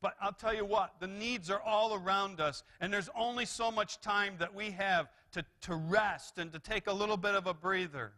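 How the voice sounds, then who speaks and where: Bright-voiced, animated male pastor preaching. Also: sits high, moderate pace, few pauses. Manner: animated preaching with rises and repeated restarts. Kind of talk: sermon. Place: church sanctuary.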